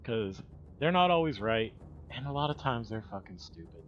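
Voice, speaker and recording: A man's voice: mid-range voice, big pitch swings, moderate pace, slight background noise. A man chatting casually on a livestream, rambling and swearing, often trailing off mid-sentence. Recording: dull lo-fi stream audio with faint music.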